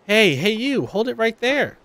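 A man's voice: sits high, big pitch swings, a little slow, fairly bright tone, voice pushed up, full character voice. A man voicing a snooty, boastful young female idol rival while reading video game dialogue aloud. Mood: haughty. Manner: haughty, boastful, whiny.

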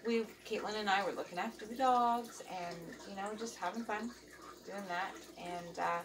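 A middle-aged woman hosting a vlog in casual chat, rambling along with lots of ums and uhs. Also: lowish voice. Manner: rambling and chatty, with many fillers. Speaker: vlog host. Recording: distant mic with running water noise.

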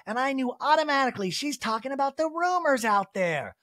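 A man's voice: extremely high pitch, very animated, brisk, a bit bright, no echo, clean studio sound, pitched above the performer's own voice, heavily acted. A man voicing a snarky, agitated reality-TV wife who talks in a snippy, sarcastic way.

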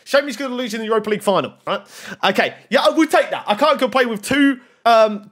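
A young man giving excitable pack-opening commentary on a video game, bursting into shouts over big pulls. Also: high-pitched. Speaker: gaming YouTuber.

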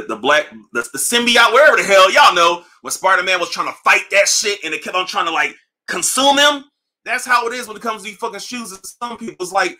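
A man hosting a livestream, ranting in a casual, profane way, animated and repeating himself. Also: a little high. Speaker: livestream host. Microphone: livestream mic.

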